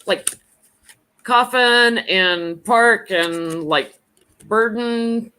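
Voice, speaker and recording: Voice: medium pitch, very slow, pushed and bright, clean tone. A tarot reader hosting a casual livestream chat, chatty and giggling along.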